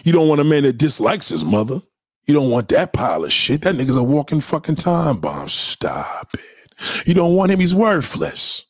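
A man with a high, very lively voice rants to his livestream chat, blunt and full of profanity. He repeats his points again and again for emphasis. The sound is dry and close, with no room around it. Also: brisk, no room sound. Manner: blunt, profane, animated ranting. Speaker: livestream host reacting to chat. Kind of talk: unscripted livestream commentary.

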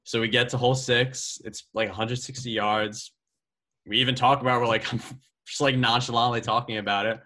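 A young adult man casually telling a story as a guest golfer, animated, laughing as he talks and saying "like" often. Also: medium pitch, normal speed. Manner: animated, laughs while telling, many fillers of "like".

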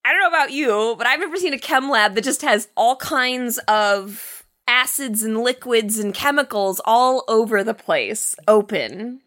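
Bright-voiced woman recapping a movie. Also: fairly high pitch, lively intonation, a little slow, few pauses. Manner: wry, recaps the plot with mock disbelief. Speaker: podcast co-host. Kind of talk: casual movie review chat.

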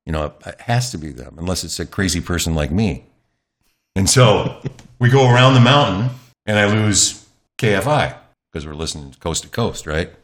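A middle-aged man with a notably deep voice spins a long, animated anecdote, his pitch rising and falling widely as he tells it. He talks in a chatty, candid way, with plenty of fillers, as a guest in an interview recorded at his home. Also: normal speed. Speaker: news anchor as interview guest.

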